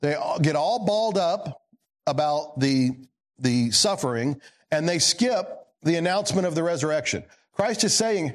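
A male pastor giving a sermon, swinging between emphatic lines and low quiet asides, putting questions to the congregation. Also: lively intonation, measured pace.

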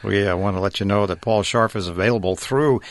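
A man with a very deep voice hosts a faith radio interview. He speaks in a relaxed, affirming way and often chimes in with agreement. The recording is dry and close-miked. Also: brisk, no echo. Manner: affirming, relaxed, says amen and that's right. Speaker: radio show host.

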